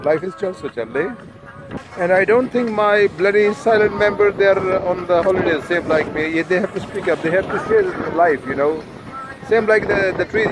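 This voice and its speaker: A man, chatting casually to group members while walking a windy street, often saying "no problem" and "eh?". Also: high-pitched. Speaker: vlogger addressing group members. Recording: street vlog with loud music behind. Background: music playing.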